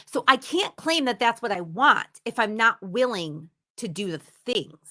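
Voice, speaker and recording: A woman's voice: a little high, sing-song, unhurried, bright, forceful tone. A woman giving a motivational teaching talk, speaking emphatically and repeating words for stress. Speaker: instructor.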